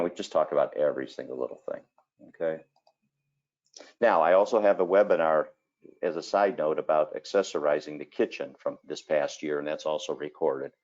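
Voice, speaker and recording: A kitchen designer talking through a screen-share presentation, telling folksy stories and filling gaps with 'okay' and 'you know'. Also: male voice, a bass voice, a little mellow, highs cut off. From Cleveland area, Ohio.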